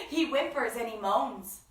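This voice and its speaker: A woman hosting a children's story time, reading picture books aloud in an expressive sing-song way with gasps and acted voices. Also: fairly high pitch, noisy background. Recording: echoey room, from far off.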